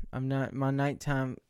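A man's voice: medium pitch, darkish tone, clean tone, no room sound, studio quality. A man in his late twenties vlogging, rambling and joking about himself with many restarts. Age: 20s. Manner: joking, self-mocking, rambling with frequent restarts. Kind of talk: casual rambling monologue. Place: indoors under bright lights.

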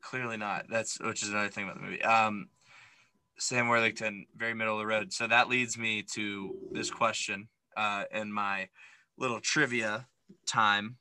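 A man's voice: fairly low pitch, moderate pace, smooth, dry recording, low-quality recording. A man co-hosting a podcast, recapping a movie in casual, opinionated chat full of fillers. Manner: opinionated, animated, lots of fillers. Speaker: podcast co-host.

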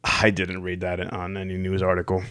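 Low-voiced man joking on a podcast. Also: monotone, normal speed, a bit bright, smooth, no echo, clean studio sound. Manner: joking, teasing, asks the questions. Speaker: podcast co-host. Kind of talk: casual faith podcast chat.

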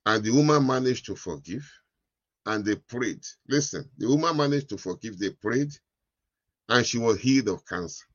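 Husky man preaching with emphatic repetition. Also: mid-range voice, lively intonation, moderate pace, no echo, highs cut off. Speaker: pastor. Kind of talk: sermon.

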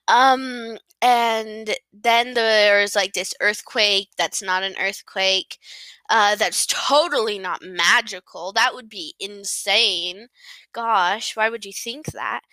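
A woman hosting a podcast, recapping a novel in a casual, rambling way. She is giggly, self-deprecating and quick to apologize. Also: fairly high pitch, bright, forceful tone, dry recording.

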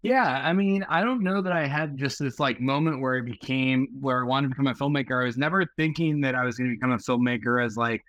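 His mid-range voice runs fast with hardly any pauses, and there is no room sound, though the lo-fi audio is muffled. He's a man in his forties from Seattle, USA, a filmmaker being interviewed who talks loosely and at length, relaxed, rambling and leaning heavily on fillers.

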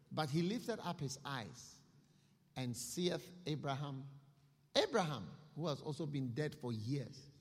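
Man preaching slow and lively, breathy voice, big echoey church hall. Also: a little high. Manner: animated storytelling. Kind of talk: sermon.

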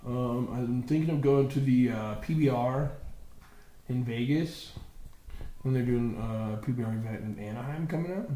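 A man's voice: mid-range voice, normal speed. A young man co-hosting a podcast, telling crude stories in casual chat and laughing often. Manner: rowdy storyteller, laughs often, bursts loud when laughing. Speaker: podcast co-host. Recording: echoey room with crowd noise.

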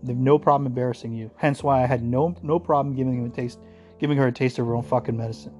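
A man's voice: medium pitch, steady tone, fast, darkish tone, faint music behind. A man from the United States in a casual ranting monologue, profane, sarcastic and combative.

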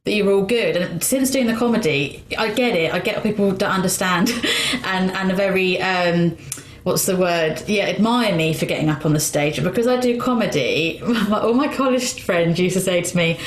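A woman's voice: on the low side, normal speed, echoey room. A woman hosting an interview, chatty and self-deprecating, laughing often as she shares her own experience. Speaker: podcast host and comedian. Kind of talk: conversational interview.

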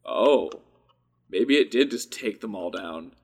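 Young male podcast co-host, lively storyteller, swears a lot, wide pitch swings. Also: takes it slowly, breathy edge. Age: young adult. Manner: animated storyteller, swears freely, acts out quotes. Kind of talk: casual podcast chat.

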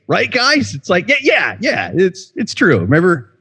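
A man's voice: sits high, wildly swooping pitch, a little slow, pushed and bright, husky. A man co-hosting a casual podcast, joking in a sarcastic manner. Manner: sarcastic, jokey. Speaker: podcast co-host. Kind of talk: casual chat.

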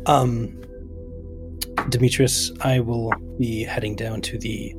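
A man's voice: mid-range voice, level tone, slow pace, music in the background. A man playing a polite, businesslike character in a tabletop game. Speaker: player. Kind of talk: tabletop role-play in character.

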